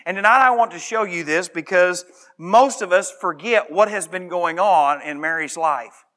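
A man preaching a sermon, reading scripture slowly and moving from calm explanation to impassioned shouting, then back to quiet, earnest appeal. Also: sits high. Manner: reads scripture aloud slowly.

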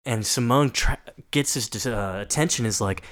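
A man's voice: medium pitch, moderate pace, a bit bright. A young man co-hosting a casual rewatch podcast, recapping scenes with crude jokes. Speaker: podcast co-host.

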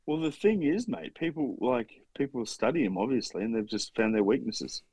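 A man's voice: mid-range voice, animated, moderate pace, warm tone, slightly rough, dry recording. An Australian man co-hosting a podcast, bantering bluntly with swearing and trailing ums. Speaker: podcast co-host. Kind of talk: casual chat.

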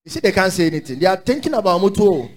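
Man, Ghanaian accent, high voice, pastor, sermon, call-and-response, quiet asides and loud declarations. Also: big pitch swings, rapid-fire. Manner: exhorting call-and-response preaching; swings between low asides and loud declarations.

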